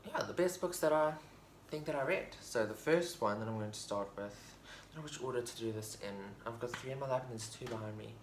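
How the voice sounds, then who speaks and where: A man's voice: mid-range voice, brisk, hardly any pauses. A man chatting casually about his favorite books for a vlog, enthusiastic and rambling, with many fillers and restarts. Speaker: book vlogger. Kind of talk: casual book review chat. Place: room at home with a bookshelf. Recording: roomy echo, faint background noise.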